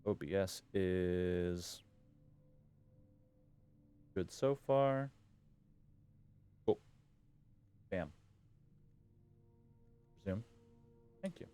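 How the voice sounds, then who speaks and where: A man's voice: deep voice, very slow, pauses often, dark tone, clean tone, faint music behind. A man streaming a video game live, muttering and reading on-screen text aloud with slangy jokes. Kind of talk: casual live gameplay commentary.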